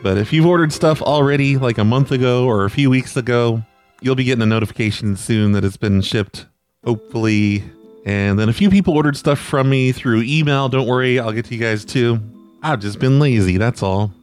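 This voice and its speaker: A man at a middle pitch hosts his own prank call podcast, easygoing and rambling. He drifts between thoughts and shrugs things off with self-deprecating asides. Soft music plays faintly behind him. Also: fairly quick. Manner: loose, self-deprecating, trails off with "I don't know". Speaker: podcast host and prank caller. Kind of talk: casual rambling monologue.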